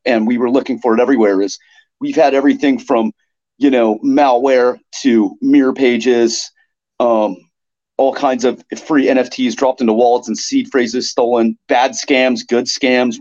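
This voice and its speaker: A man's voice: mid-range voice, highs cut off. A man speaking bluntly and with feeling in a casual podcast interview, often swearing, sounding fed up. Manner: blunt, animated, swears freely. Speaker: NFT project co-founder guest.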